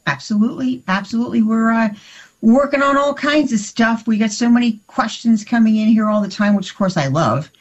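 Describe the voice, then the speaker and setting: A woman's voice: a little high, normal speed. A woman co-hosting a live radio talk show as its researcher, upbeat and given to repeating herself. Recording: dull lo-fi remote line.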